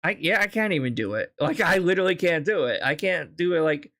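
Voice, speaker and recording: A man's voice: on the high side, expressive, fairly quick, vocal fry, bright, forceful tone. A man streaming live, reacting to video clips with blunt, casual commentary full of swearing and apologies.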